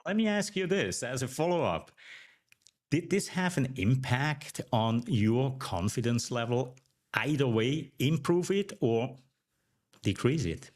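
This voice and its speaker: A man who works as a communication coach speaks as a podcast guest. He explains his points in a reflective way and often checks in with the host by asking "right?". His pitch sits in the middle of the usual range for a man. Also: animated, a little slow, a little mellow. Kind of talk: interview answers.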